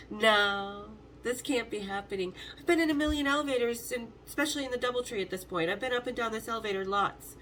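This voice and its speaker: A woman in her fifties, the host, telling stories in a casual, animated way, swearing freely and acting out the voices of the people in them. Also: a little high, fairly quick, a little hiss or hum. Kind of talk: casual storytelling.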